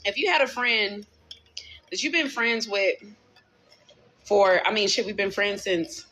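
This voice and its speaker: A woman's voice: mid-range voice, unhurried, sharp tone, breathy edge. A woman in her thirties telling a personal story to a live chat, candid and profane, stopping often to ask her viewers what they think. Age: 30s. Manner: candid, profane, venting, asks chat for opinions. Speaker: livestream host.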